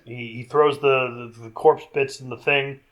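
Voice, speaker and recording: A man's voice: medium pitch, normal speed. A man co-hosting a podcast, recapping a film in casual chat, swearing freely and acting out scenes. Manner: animated, swears, quotes scenes in put-on voices. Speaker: podcast co-host.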